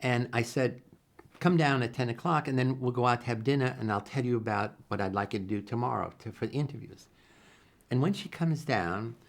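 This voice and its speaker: Older male psychologist, gravelly voice, earnest storyteller with lively quoted dialogue. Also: medium pitch. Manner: earnest, animated retelling with acted-out quotes and many restarts. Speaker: psychologist interviewee. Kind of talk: reflective interview storytelling.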